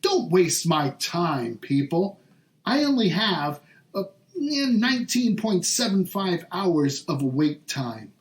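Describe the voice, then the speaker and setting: A man's voice: sits high, big pitch swings, takes it slowly. A man hosting a vlog, delivering an exasperated, sarcastic comedic rant in a grumbling tone. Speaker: vlog host. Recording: roomy echo.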